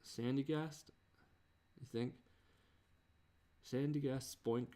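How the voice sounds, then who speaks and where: A man mutters to himself as he works through a song, slow and a little low. His voice has a gravelly fry, and his phrases stop and restart in frustrated groans. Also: darkish tone. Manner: halting, muttering, frequent restarts and self-directed groans. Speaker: creator working on a song. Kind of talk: thinking aloud while composing.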